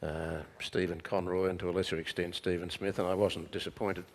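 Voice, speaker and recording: A man, interviewing a guest on stage, asking measured, probing questions with frequent hesitations. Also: sits low, little pitch movement, slight background noise. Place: stage at a talk venue.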